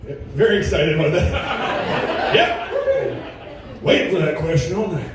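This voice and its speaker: A man in his thirties doing a stand-up comedy set with a laid-back, deadpan delivery at a comedy club. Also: high-pitched, a little slow, very echoey, recorded from a distance, a loud crowd, low-quality recording. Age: 30s. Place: comedy club with a live audience.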